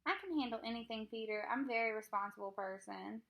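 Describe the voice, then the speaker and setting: A bossy, self-assured girl from a storybook, as a woman reading aloud voices her, slow and persuasive. Her tone is bright and keen, pitched a little above the middle. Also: gravelly. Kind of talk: reading a children's book aloud.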